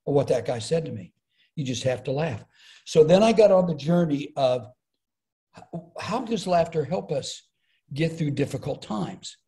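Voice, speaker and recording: Middle-aged comedian, animated storyteller, slightly high, mellow tone. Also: male voice, moderate pace. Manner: animated, acts out quoted voices. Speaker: comedian and speaker, podcast guest. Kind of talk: storytelling in conversation.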